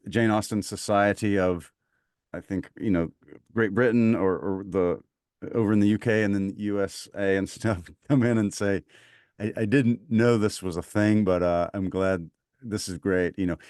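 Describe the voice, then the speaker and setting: Southern guy from mississippi, lowish voice, rambly and excited, dry sound. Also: dry recording. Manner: enthusiastic, rambling, many fillers. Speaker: podcast guest, voice actor. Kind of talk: casual conversation.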